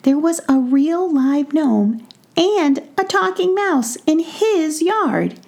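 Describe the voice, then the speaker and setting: A woman tells a whispered bedtime story in a slow, soft hush. Her voice is mellow and dark, with a gravelly, breathy edge. The delivery stays gentle and unhurried. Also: high voice, animated.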